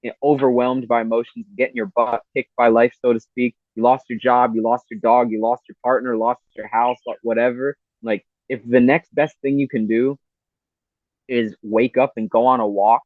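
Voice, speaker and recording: A man's voice: mid-range voice, flat delivery, moderate pace, no room sound. A man, a podcast guest, giving earnest, rambling spiritual advice full of "you know" and "man". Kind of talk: spiritual talk in casual interview. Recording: tinny phone-like line.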